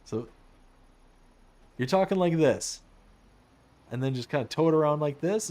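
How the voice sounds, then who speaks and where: A man's voice, a little high and a little slow, carries a casual live stream of a farming game. He's animated, laughs often, and talks directly to his chat, answering their messages.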